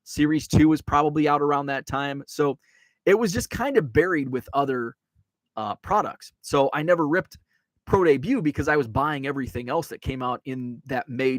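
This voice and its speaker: A man's voice: mid-range voice, dry recording. A man from Illinois hosting a casual livestream, rambling and restarting often as he reads out viewer comments. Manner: rambling, with many restarts and fillers. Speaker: sports card collector and channel host.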